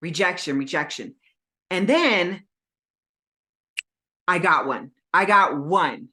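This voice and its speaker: Bright-voiced woman telling an animated story. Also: fairly low pitch, slow pace, slight background noise. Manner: animated storytelling, acts out her own phone calls. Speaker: podcast co-host, indie author. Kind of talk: casual podcast chat. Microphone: home setup with green screen, video call.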